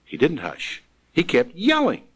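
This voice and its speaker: A man preaching a sermon in an emphatic way, swinging from loud exclamations down to quiet asides. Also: a little high, wildly swooping pitch, unhurried, husky, poor audio.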